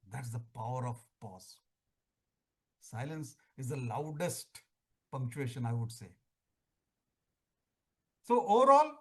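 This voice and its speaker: A middle-aged man, giving an oratorical talk on contest speaking with emphatic phrasing and deliberate pauses. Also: mid-range voice. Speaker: public speaking trainer.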